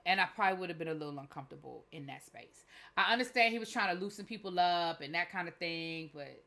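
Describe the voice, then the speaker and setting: Bright, chatty woman reviewing reality TV. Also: lowish voice, quick pace. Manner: chatty and candid, with loose informal grammar and frequent restarts. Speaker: TV show reviewer. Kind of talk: casual reality-TV recap commentary.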